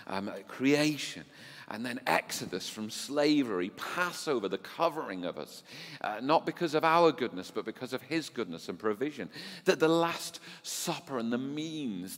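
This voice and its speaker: A man preaching a sermon to his congregation, animated and teasing, swinging between quiet remarks and loud exclamations. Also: medium pitch. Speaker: pastor. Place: church hall with long reverb. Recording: long hall reverb.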